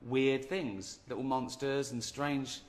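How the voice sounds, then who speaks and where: A man's voice: mid-range voice, fairly even intonation, takes it slowly. Male comic host, dry and sarcastic; office with long reverb. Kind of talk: comedy sketch presenting.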